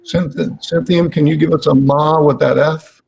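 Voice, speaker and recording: A man's voice: on the high side, steady tone, measured pace, gravelly, darkish tone, husky, rough recording. A man leading a voice workshop, coaching participants step by step through breathing and vocal exercises in an encouraging way. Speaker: voice workshop leader. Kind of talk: guided vocal exercise instruction.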